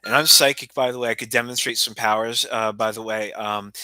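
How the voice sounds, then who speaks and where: Agitated rambling man, very bright voice. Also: medium pitch, steady tone, fairly quick, a little hiss or hum, poor audio. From United States. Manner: agitated, rambling, repeats himself, drops to near whispers. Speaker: livestreamer. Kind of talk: rambling livestream monologue and phone call.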